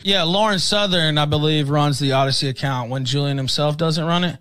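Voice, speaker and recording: A man's voice: a little high, brisk, a bit bright, clear, resonant tone, rough recording. A man in played clips, ranting furiously and cursing at his targets. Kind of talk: angry rant.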